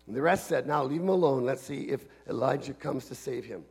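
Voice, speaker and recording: A man preaching a sermon in an earnest manner, dropping to a hush and then building to shouts. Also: mid-range voice, brisk, gravelly, husky.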